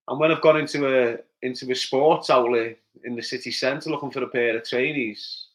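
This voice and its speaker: Chatty Scouse man reading comments. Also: a little high. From Liverpool, England. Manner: chatty, reads out usernames and answers them. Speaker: livestream host reading viewer comments. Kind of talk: casual livestream chat.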